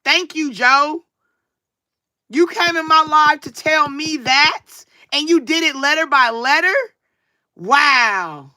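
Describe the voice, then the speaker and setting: A woman's voice: high voice, slow pace, pushed and bright, no room sound, clean studio sound. A woman, talking casually and sarcastically to her livestream viewers, with a preacher-like cadence. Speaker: livestream tarot reader.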